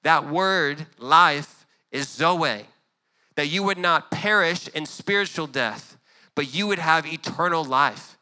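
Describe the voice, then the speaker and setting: A man's voice: on the high side, takes it slowly, pushed and bright, clear, resonant tone. A young adult male pastor preaching a sermon in a conversational way, acting out imagined back-and-forth dialogue.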